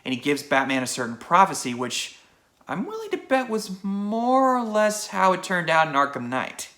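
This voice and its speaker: A man's voice: sits high, wildly swooping pitch, moderate pace, bright, forceful tone. A man giving a casual video game review, chatty and recapping the plot with asides.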